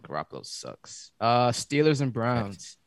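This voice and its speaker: A man's voice: mid-range voice, big pitch swings, measured pace, no room sound. A man hosting a casual chat and calling out picks, with a laid-back, slangy delivery. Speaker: podcast host running the picks.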